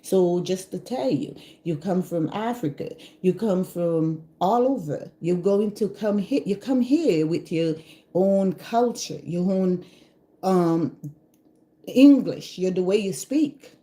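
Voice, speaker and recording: Jamaican woman, middle-aged, earnest casual vlog talk, lowish warm voice. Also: expressive, slow. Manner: earnest, repeats herself, asks "you know what I mean?". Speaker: vlogger. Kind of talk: casual direct-to-camera talk.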